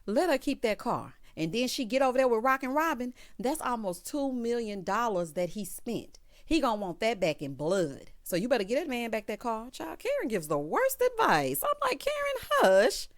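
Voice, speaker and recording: A woman giving a casual recap of a TV episode with sassy, animated asides. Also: on the high side, moderate pace, hardly any pauses. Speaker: TV show recap reviewer.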